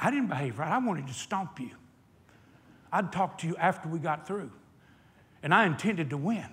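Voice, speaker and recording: A male preacher with a high voice delivers an impassioned sermon. He tells stories, drawing out key words slowly for emphasis. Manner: impassioned storytelling, slowing for emphasis. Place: hot indoor meeting hall.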